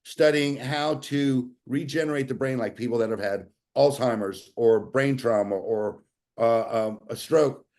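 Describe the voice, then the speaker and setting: A man telling a story in a folksy, animated way over a video call, acting out the dialogue he quotes. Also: mid-range voice, measured pace. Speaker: guest sharing a testimonial. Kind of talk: casual storytelling.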